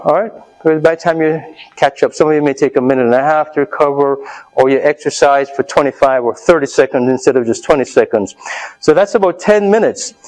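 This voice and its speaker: A man's voice: a little high, a little fast, poor audio. A man leading a live health seminar, coaching his audience through an exercise and checking in with them as he goes. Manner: coaching, urging the audience on loudly. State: out of breath. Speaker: health speaker leading a workshop.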